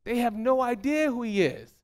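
With big pitch swings and normal speed, a pastor preaches an emphatic, fervent sermon. Phrases recur throughout, and he goes soft and low to wrap up his points.

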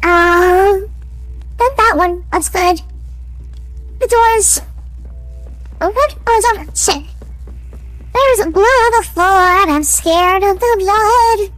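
A woman's voice: extremely high pitch, slow, long pauses, a bit bright, soft background music. A young woman playing a scary game on stream, reacting with sudden exclamations and swearing into a desk microphone. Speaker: gaming YouTuber. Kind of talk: casual game commentary.

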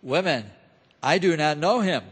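A man reading the lines of a frightened male disciple who denies knowing his friend, hushed and defensive, in a church hall with a long echo. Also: on the high side, expressive, unhurried, breathy edge.

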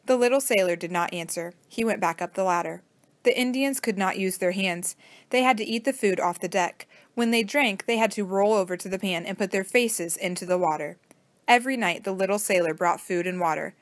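A woman reading a children's storybook aloud as narrator, in a steady, plain manner. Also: medium pitch, fairly quick, no room sound.

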